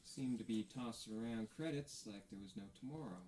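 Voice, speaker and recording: A man narrating a tabletop game as game master, slow and full of hesitant fillers. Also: mid-range voice, warm tone, echoey room, slight background noise, rough recording.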